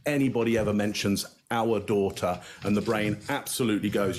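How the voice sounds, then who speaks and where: A man giving casual panel analysis of body language in a deliberate way, often pausing on fillers. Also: on the low side, darkish tone, soft background music.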